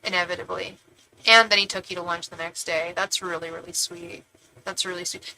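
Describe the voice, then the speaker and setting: A woman's voice: on the low side, steady tone, brisk, gravelly, pushed and bright, rough recording. A young woman from California giving a tarot reading on a live stream, chatty and rambling with many restarts. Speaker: tarot reader.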